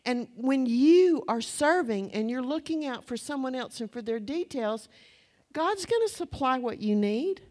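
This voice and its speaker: A woman's voice: sits high, lively intonation, unhurried, darkish tone. A woman preaching a testimony sermon, telling her story in a chatty, breathless way and acting out her own past words. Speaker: church speaker.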